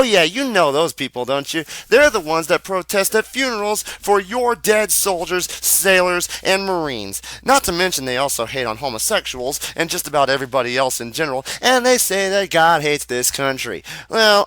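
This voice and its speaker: A man's voice: on the high side, fairly bright tone, no room sound. A young American man delivering an angry, profane, improvised rant. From United States. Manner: profane, heated, emphatic. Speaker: video ranter.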